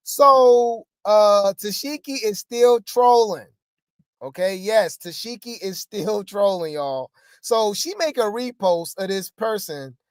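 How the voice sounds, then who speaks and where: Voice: medium pitch, animated, takes it slowly, no room sound, clean studio sound. A gossip commentary host talking casually and rambling, with many fillers. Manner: rambling, lots of fillers and restarts.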